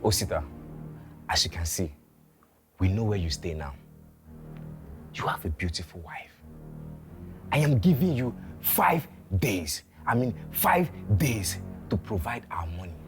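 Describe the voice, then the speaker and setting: A threatening Nigerian gang enforcer who raises his voice to shouts. His pitch swings widely, and soft music plays under the scene. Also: sing-song, measured pace, long pauses. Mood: menacing. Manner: threatening, loud, repetitive. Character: menacing adult male debt collector gangster. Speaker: gang member demanding a debt. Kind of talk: Nollywood film acting.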